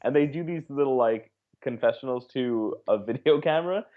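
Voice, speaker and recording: A man's voice: mid-range voice, moderate pace, narrow, tinny audio. A man in his twenties co-hosting a casual comedy podcast, enthusiastically retelling favorite scenes through laughter. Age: 20s. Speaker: podcast co-host.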